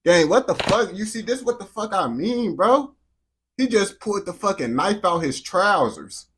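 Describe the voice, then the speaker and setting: An American man hosting a reaction video, talking in a slangy, profane, animated way. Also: high-pitched, moderate pace. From United States. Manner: slangy, animated, swears constantly. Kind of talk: profane casual reaction commentary.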